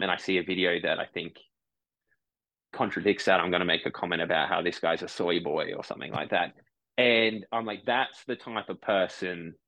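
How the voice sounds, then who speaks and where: A man talks loosely on a podcast, on the lower side of the male range. He circles and corrects himself as he thinks aloud. The close mic makes the sound dry and tight. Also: creaky, bright, forceful tone, no echo, highs cut off. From Brisbane, Australia. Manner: rambling, self-correcting, acts out online commenters. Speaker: podcast guest, comedian. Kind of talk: casual podcast chat.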